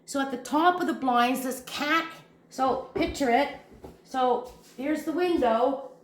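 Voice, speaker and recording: A woman hosting a crochet channel, telling a story to camera in a casual, animated and jumpy way, laughing at herself. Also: high-pitched, slow, slight background noise. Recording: echoey room.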